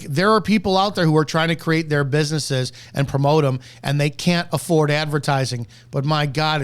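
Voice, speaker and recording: A man giving blunt, combative reaction commentary on sales methods, ranting with profanity. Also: on the high side. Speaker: network marketing commentator.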